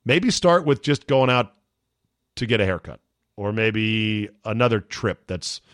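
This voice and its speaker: A man's voice: on the low side, lively intonation, unhurried, fairly bright tone, dry recording, studio quality. Profane rambling male podcast host. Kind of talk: casual podcast monologue, reading a listener email.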